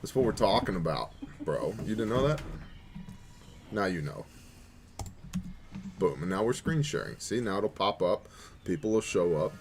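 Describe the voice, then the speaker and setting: A man's voice: low voice, sing-song, moderate pace, creaky, pauses often, noisy background. A man hosting a casual livestream chat, joking and bantering with his co-host. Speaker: podcast host.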